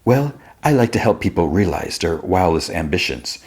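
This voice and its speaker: A man voicing a smooth, sinister male tempter with slow, lowered menace while recapping a TV episode. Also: big pitch swings, a little mellow, full character voice.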